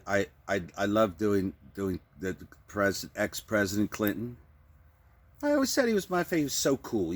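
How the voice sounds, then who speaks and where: A man delivering a rambling, improvised comic monologue, often stammering and repeating words. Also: deep voice. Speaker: vlogger.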